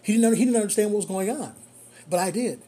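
A rideshare driver telling a story in casual monologue, animated and repeating phrases for emphasis. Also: medium pitch, quick pace, breathy edge.

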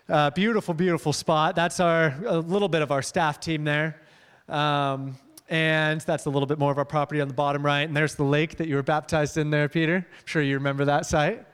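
A young man giving a casual, animated sermon as a guest missions leader. He shifts between emphatic high points and quiet asides, with fillers and restarts. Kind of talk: conversational sermon. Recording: long hall reverb.

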